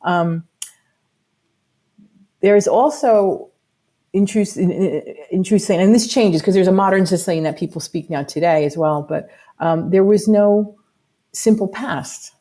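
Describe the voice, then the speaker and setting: A woman's voice: medium pitch, unhurried, pauses often, dark tone. A woman, a musician guest chatting on a podcast and explaining things at length with lots of asides. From United States. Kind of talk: casual podcast interview.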